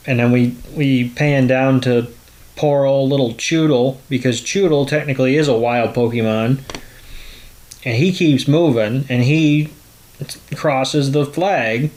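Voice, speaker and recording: A man's voice: mid-range voice, steady tone, unhurried, long pauses, darkish tone. A man hosting a podcast, recapping an episode in a casual, rambling way with many fillers. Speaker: podcast host.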